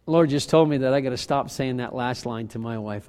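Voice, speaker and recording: A man preaching a sermon as pastor, lively and self-deprecating, acting out quoted arguments between spouses. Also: medium pitch, fairly quick, smooth, long reverb tail.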